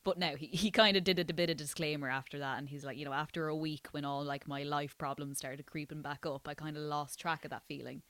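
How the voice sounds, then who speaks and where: A woman's voice: low-pitched, fairly even intonation, fast talker, hardly any pauses, a bit bright, no room sound. A woman co-hosting a podcast, playful and rambling in casual chat. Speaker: podcast co-host.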